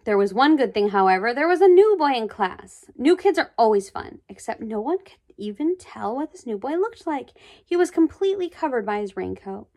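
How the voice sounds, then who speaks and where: A woman reading a children's book aloud, expressive, with chatty asides. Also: on the high side, normal speed, hardly any pauses. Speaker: storybook reader.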